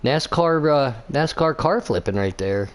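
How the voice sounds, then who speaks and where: A man's voice: mid-range voice, lively intonation, a little slow. A man giving live sim racing commentary as host, rambling and joking with plenty of filler words. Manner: rambling, jokey, lots of fillers. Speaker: race commentator.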